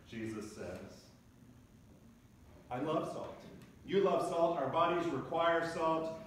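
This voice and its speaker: A man preaching a sermon as pastor, telling funny everyday stories in a lively way. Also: fairly high pitch, slow, pauses often, a little hiss or hum. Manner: humorous storytelling preacher. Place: large church sanctuary. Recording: echoey church recorded from a distance.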